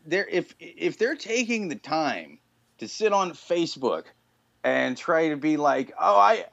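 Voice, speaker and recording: A man's voice: a little high, animated, unhurried, gravelly, fairly bright tone, no echo, lo-fi sound. A young man co-hosting a casual podcast chat, talking bluntly and mockingly with a lot of swearing. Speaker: podcast co-host.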